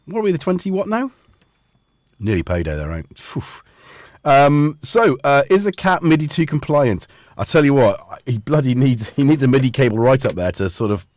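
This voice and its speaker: A man's voice: medium pitch, dry recording. A man hosting a casual livestream chat from a home studio, playful and joking with the viewers. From Scotland. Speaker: livestream host. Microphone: studio dynamic mic.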